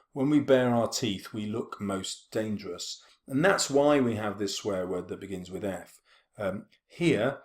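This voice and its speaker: A man with a fairly low voice, giving a literature lesson. He explains in a steady, measured way, filling pauses with ums and drawing out the words he quotes. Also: echoey room. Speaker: English teacher.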